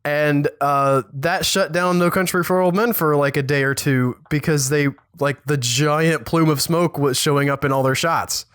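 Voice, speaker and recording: High-voiced man rambling through a film chat. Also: moderate pace, few pauses, smooth, dry recording, studio quality. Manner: rambling, self-correcting, animated asides. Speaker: podcast co-host. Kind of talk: casual film review chat.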